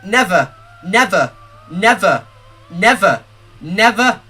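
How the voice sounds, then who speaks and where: A man's voice: high-pitched, expressive, slow, bright, forceful tone, slightly rough, soft background music. A young man streaming a game live, reading its text aloud and breaking into nervous, panicky outbursts.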